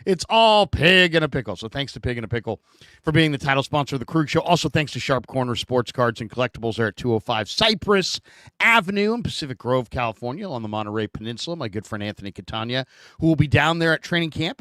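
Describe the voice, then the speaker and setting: A man from San Francisco hosting a casual sports talk show, telling stories with lively put-on voices. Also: mid-range voice, fast talker, no echo. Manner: animated storyteller, acts out shouted voices. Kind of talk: casual sports podcast chat.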